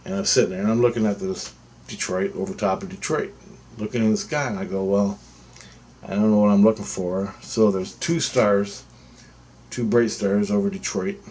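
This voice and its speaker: A man vlogging speaks with a lowish, darkish voice, steady in tone and moderate in pace, with a little hiss or hum in the recording. His casual storytelling about himself is rambling and repetitive, peppered freely with swearing.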